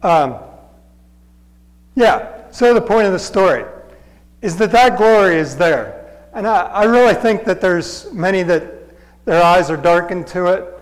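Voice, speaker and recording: Man, high-pitched voice, halting conversational sermon, long hall echo. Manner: conversational, halting, with fillers and restarts. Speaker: preacher. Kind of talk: storytelling sermon.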